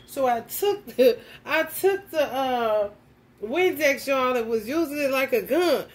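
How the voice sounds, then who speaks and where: A woman tarot reader telling a story in a casual vlog, animated and profane, often laughing. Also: high voice, a little slow.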